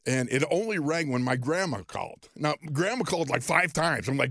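A man in his sixties from Western New York, a podcast host and former football player telling a story in an animated, self-deprecating way, often chuckling. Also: on the high side, fairly quick, few pauses, no room sound, studio quality. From Western New York, USA. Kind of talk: storytelling monologue.

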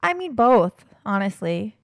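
A woman's voice: medium pitch, big pitch swings, a little slow, vocal fry, dry recording, clean studio sound. A young woman co-hosting a casual podcast, telling travel stories in a chatty way and laughing often. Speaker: podcast co-host.

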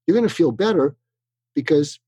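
Husky man giving animated advice. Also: a little high, normal speed, no echo. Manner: animated, acts out both sides of sample dialogues. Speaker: guest expert. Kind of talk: conversational advice in an interview.

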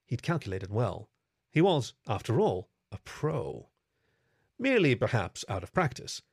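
A man's voice: medium pitch, big pitch swings, a little slow, creaky, darkish tone, breathy edge, no echo. Man narrating a story, dry close sound. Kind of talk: scripted audiobook narration.

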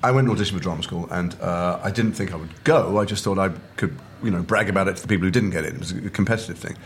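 A middle-aged man from Liverpool, a guest actor telling animated stories over a meal and acting out quoted voices. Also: low-pitched, rapid-fire, a little hiss or hum. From north of England, Liverpool. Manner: animated storyteller who acts out quoted voices. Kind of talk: casual chat over a meal. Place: restaurant table.

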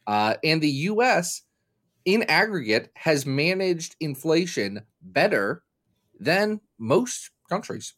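A man's voice: fairly high pitch, very animated, takes it slowly, a bit bright. A man from Kentucky co-hosting a podcast in casual chat, joking and drifting into long explanatory tangents. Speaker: podcast co-host.

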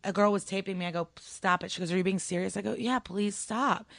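A woman's voice: lowish voice, very fast, creaky, no echo. A woman stand-up comedian telling stories in casual chat, acting out the voices of people she quotes. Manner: animated storytelling, acts out quotes.

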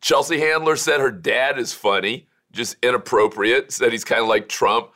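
A man's voice: mid-range voice, moderate pace, pushed and bright. A man hosting an interview, asking eager, curious questions in casual chat. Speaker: podcast host.

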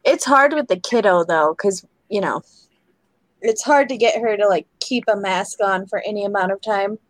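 A woman's voice: medium pitch, normal speed, no room sound, rough recording. A mother chatting casually on a talk show, easygoing with hesitant ums. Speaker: co-host, a mother. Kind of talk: casual chat.

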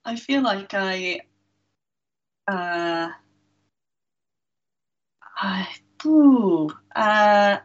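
A woman author as a podcast guest, answering in a hesitant, thoughtful way with frequent pauses and laughs. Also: mid-range voice, expressive, lo-fi sound. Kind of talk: casual interview chat.

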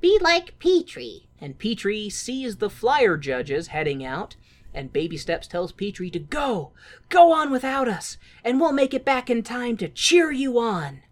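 Animated swearing woman recapping a film. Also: on the high side, unhurried. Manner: animated, swears a lot, acts out characters in silly voices. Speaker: podcast co-host recapping a film. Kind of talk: casual podcast recap.

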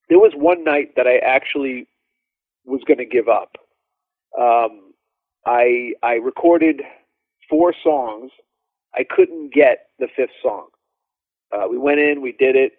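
A male drummer telling animated stories as a podcast guest, with lots of fillers and restarts. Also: mid-range voice, slow pace, pauses often, dry recording. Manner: animated, laughing storyteller, many fillers. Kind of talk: casual storytelling interview. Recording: dry phone-like line.

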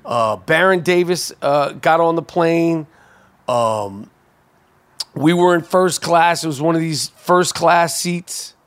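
A man with a high-pitched voice tells a story on his podcast. He is loose and animated and curses freely. He stumbles through fillers and restarts as he talks. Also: slow, clean tone. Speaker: podcast host.

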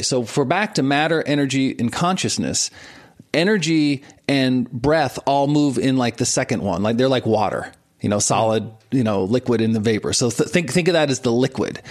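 A man coaching entrepreneurs, explaining breath and intention in a relaxed conversational way, with frequent chuckles and repeated words as he thinks. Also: medium pitch.

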